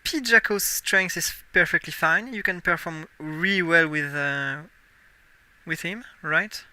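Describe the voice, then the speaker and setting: Bright-voiced French-accented young streamer. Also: male voice, a little high, measured pace, smooth, no room sound. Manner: musing aloud while playing, self-correcting. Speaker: game streamer. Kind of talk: casual live-stream commentary.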